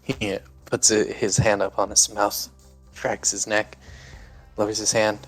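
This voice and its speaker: A man's voice: fairly low pitch, flat delivery, measured pace, soft background music. A man playing a tabletop game, describing his character's actions casually. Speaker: player.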